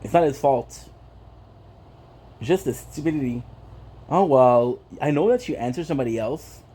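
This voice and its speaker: A man whose first language is French rants bluntly to his stream audience, swearing and circling back over the same points. His voice is mellow and warm, sitting at an ordinary pitch for a man. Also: normal speed, slightly rough. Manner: frustrated, blunt, repeats himself, swears. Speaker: gaming streamer. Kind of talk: casual ranting vlog.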